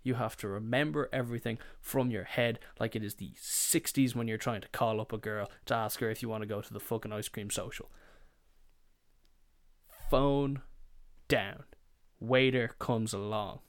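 Young guy ranting on his podcast, sweary and rambling, voice sits in a middle pitch. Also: fairly even intonation, normal speed. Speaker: podcast host. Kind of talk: casual comedic storytelling.

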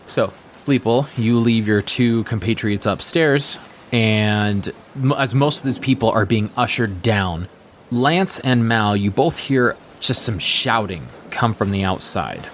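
Man, game master, casual narration, lowish voice, slight stammer. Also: measured pace, slight background noise.

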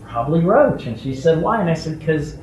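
A man guesting on an interview, telling stories casually and acting out other people's voices with big jumps in pitch. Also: big pitch swings, a little fast, darkish tone, far from the mic, slight background noise. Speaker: guest actor. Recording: echoey room, off-mic with faint ambience.

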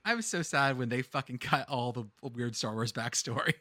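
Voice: mid-range voice, normal speed, sharp tone, no room sound. A podcast host in casual banter, rambling and joking, swearing freely.

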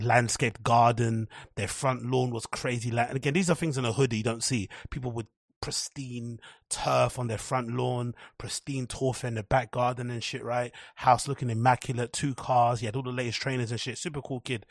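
A man's voice: medium pitch, dry recording, clean studio sound. A young man hosting a podcast alone, telling stories in a rambling, profane, casual way and acting out the people he quotes. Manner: rambling, profane storytelling with animated quoted voices. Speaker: podcast host. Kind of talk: casual solo monologue.

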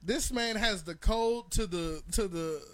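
A man hosting a casual talk show, telling stories with animated delivery and acting out the people in them. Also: high voice, measured pace, dry recording. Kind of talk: casual chat, storytelling.

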